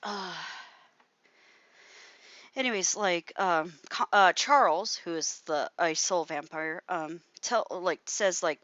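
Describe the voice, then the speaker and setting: A young woman with a slightly low voice chats casually on her drawing stream, piling on fillers and swear words as she recounts a story. Now and then she drops to a soft mutter while she works. The sound is dry and a little dull, like a cheap home mic. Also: slow, no echo. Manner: rambling storytelling, constant "like" fillers and frequent swearing. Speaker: artist livestreaming while drawing. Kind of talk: casual rambling livestream commentary.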